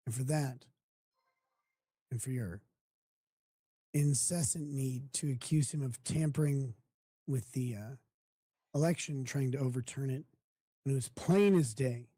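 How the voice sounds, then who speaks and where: A man's voice: medium pitch, warm tone, no room sound. A man hosting a live stream, chatting casually with a crude, mocking manner and frequent laughter. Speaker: streamer host.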